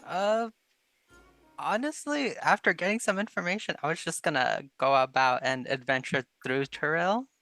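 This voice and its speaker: A man's voice: on the high side, animated, moderate pace, gravelly, bright, forceful tone, no echo, soft background music. A man playing a tabletop game, talking casually and a bit hesitantly. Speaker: player.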